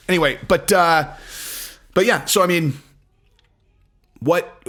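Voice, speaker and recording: A man talking casually as an MMA commentator, blunt and a little profane, rambling between points in a relaxed vlog way. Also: on the high side, slow. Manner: animated, rambling, acts out quotes in other voices.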